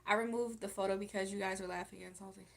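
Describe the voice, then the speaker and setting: A woman's voice: medium pitch, steady tone, very fast, gravelly. Blunt, outspoken woman streamer. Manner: blunt and outspoken, laughs often. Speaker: livestream host reading chat. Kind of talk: casual live chat.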